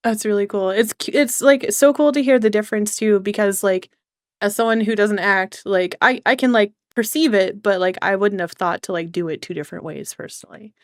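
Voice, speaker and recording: A woman's voice: mid-range voice, fairly quick, dry recording. Young woman host with a dry, close sound. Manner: casual, heavy use of "like", curious. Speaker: VTuber host. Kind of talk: casual interview chat.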